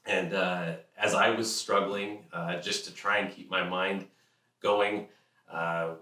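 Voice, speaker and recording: A middle-aged man telling a candid personal story about his family, with many filler pauses and acted-out family voices. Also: low-pitched, steady tone, sharp tone, echoey room, far from the mic.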